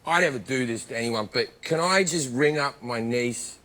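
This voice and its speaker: A man's voice: mid-range voice, normal speed, fairly bright tone. A middle-aged man with an Australian accent, telling brash comic stories as a talk show guest, laughing and slipping into mock voices. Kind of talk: comic storytelling on talk shows.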